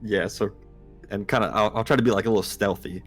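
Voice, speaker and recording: A man with a low voice plays a tabletop game, laying out his character's actions slowly with many fillers. He breathes hard into the mic. Faint music sits behind him. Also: fairly even intonation. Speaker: player. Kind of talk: casual tabletop play.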